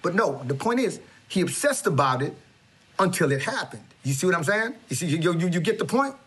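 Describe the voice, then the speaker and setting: A man's voice: high-pitched, sing-song, fairly quick, a bit bright, breathy edge. A man giving a swaggering, preachy comedic monologue with lots of stammering restarts. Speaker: comedic motivational speaker character.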